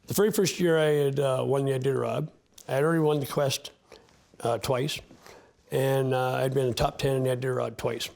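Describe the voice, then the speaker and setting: A man's voice: mid-range voice, fairly even intonation, brisk, gravelly, darkish tone. A man in an interview, talking about his sled dogs in an earnest, heartfelt way, often restarting his sentences. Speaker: interview guest, sled dog musher. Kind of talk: candid interview talk.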